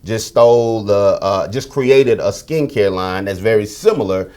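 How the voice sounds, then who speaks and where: A man's voice: fairly low pitch, a little slow, darkish tone. A middle-aged man from the United States speaking as a podcast guest, telling stories frankly and animatedly, with slang and profanity. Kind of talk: candid conversational interview.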